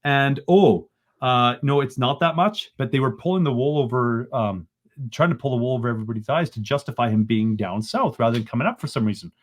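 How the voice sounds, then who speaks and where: A man, a podcast guest retelling events in an animated, exasperated way and often ending lines with "right?". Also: medium pitch, a little fast. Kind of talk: casual storytelling in a podcast interview.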